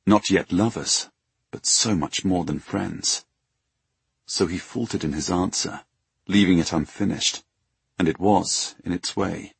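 Deep, gravelly male audiobook narrator. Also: dry recording. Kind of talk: scripted fantasy narration.

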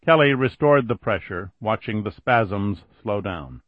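A man narrating an audiobook in a steady, even reading voice, on a dull lo-fi recording. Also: fairly low pitch, measured pace, no room sound. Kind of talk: scripted narration.

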